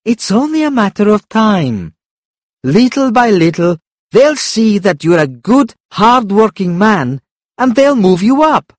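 A man's voice: high voice, very animated, a little slow, no room sound, voice pushed up. A man voicing a loving, hopeful young wife who soothes and encourages, in a dry recording. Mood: encouraging.

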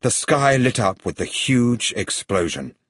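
A man narrating an adventure story at a steady, even storytelling pace. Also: medium pitch, unhurried, slightly rough, dry recording, studio quality. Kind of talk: audiobook story reading.

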